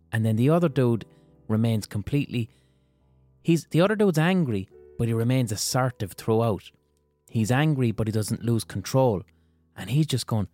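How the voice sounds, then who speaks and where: A man's voice: medium pitch, animated, moderate pace, mellow, no room sound, faint music behind. A young adult man, hosting a solo podcast in a blunt, conversational way and swearing freely. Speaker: podcast host. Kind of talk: casual solo podcast monologue.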